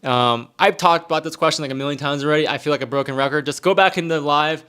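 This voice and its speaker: A man's voice: on the high side, quick pace, a bit bright, clear, resonant tone. A young man, a nurse casually answering viewer questions on a live stream, rambling and repeating himself. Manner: rambling, repeats himself, reads chat aloud.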